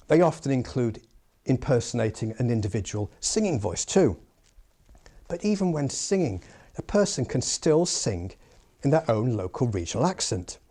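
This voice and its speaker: A man delivers an after-dinner comedy speech in a measured, joking way, working in puns. His voice is gravelly and slightly husky, at a middling pitch. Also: darkish tone. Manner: measured, pun-laden delivery.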